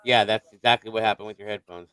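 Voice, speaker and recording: A man's voice: on the low side, steady tone, fast talker, pushed and bright, poor audio. A man hosting a live stream, chatting casually with guests and checking each one in. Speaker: livestream host.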